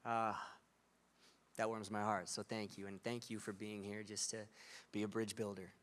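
A man interviewing a guest in a relaxed, appreciative way. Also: fairly low pitch, normal speed. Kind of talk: conversational interview.

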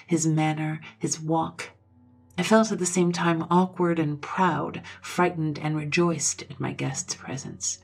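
A woman narrating an old Victorian ghost story, in a measured storytelling manner with gentle lifts of emphasis. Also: on the low side. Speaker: audiobook narrator.

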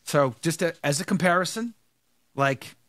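Male host, lively up-and-down delivery, emphatic, stumbles and restarts, tired, dry mic. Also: fairly high pitch, moderate pace, no room sound. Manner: emphatic, repeats himself, many restarts. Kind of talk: casual live show commentary.

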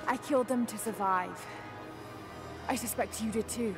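An actress voicing a resolute young woman explorer, calm and firm, in a video game. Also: mid-range voice, normal speed, close to an everyday voice. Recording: game audio with music score. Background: music.

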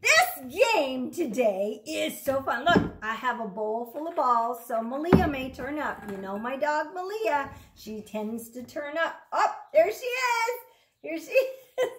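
A woman's voice: sits high, slight background noise. A woman speech therapist giving a lesson to young children, stretching out practice words in a sing-song, child-directed way. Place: at home with her dog nearby. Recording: echoey room.

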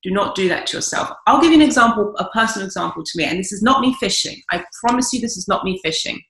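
A woman's voice: medium pitch, expressive, fast talker, a bit bright. A woman in her forties, a dating coach giving blunt, emphatic advice on a podcast, swearing freely. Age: 40s. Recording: echoey room.

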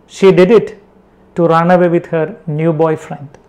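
A man's voice: on the high side, steady tone, unhurried, darkish tone. A man, a Christian preacher giving a spoken sermon, emphatic and fond of short rhetorical questions and repeated phrases.

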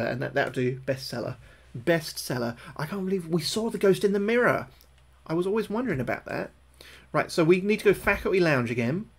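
A man streaming a horror game live, excitable and swearing, yelping when he gets scared. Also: medium pitch, husky. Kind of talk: live gameplay commentary.

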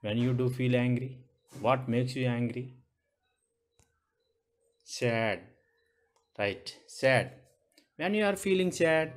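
A man's voice: mid-range voice, lively intonation, unhurried, pauses often. A male teacher with an Indian English accent, giving a lesson to young children, asking questions and repeating points.

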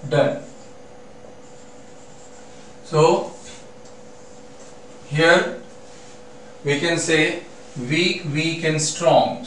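A man lectures on a poem at an unhurried pace, stopping often to search for words. He sounds a little distant from the mic, and the room rings with echo over a faint hum. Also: a little high, a bit bright. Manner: slow and deliberate, many fillers. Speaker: literature teacher. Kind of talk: poetry lecture.

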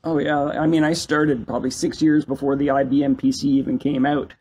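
A man in his fifties from Canada, a company CEO telling stories as a guest in a casual interview, animated and self-deprecating. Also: mid-range voice, a little fast, slight background noise, rough recording. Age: 50s.

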